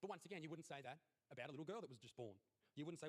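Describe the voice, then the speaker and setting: A man in his thirties doing a crude stand-up comedy routine, telling stories deadpan and shouting out the punchlines. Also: fairly high pitch, very fast.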